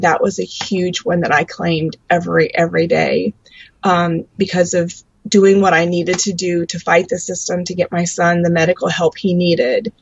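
A woman guest sharing her testimony as a mother, earnest and halting with many ums. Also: lowish voice, little pitch movement, vocal fry, slightly rough, no echo. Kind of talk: faith testimony in an interview. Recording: dry, dull lo-fi sound.

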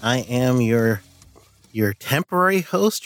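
A man's voice: mid-range voice, big pitch swings, takes it slowly, fairly bright tone, dry recording, clean studio sound. Blunt, profane man guest-hosting. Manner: blunt, profane, laughing asides. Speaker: guest host. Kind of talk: casual podcast monologue and rant.

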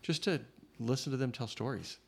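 A man hosting a conversational interview, speaking thoughtfully and haltingly with many fillers. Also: medium pitch, vocal fry, husky. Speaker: podcast host interviewer.

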